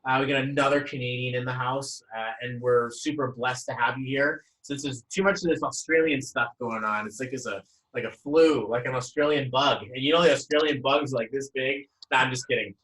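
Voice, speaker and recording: A man's voice: medium pitch, fairly even intonation, fairly quick, fairly bright tone, echoey room, rough recording. A man hosting a casual group video call as a numerology coach, upbeat and effusive, rambling from one thought to the next.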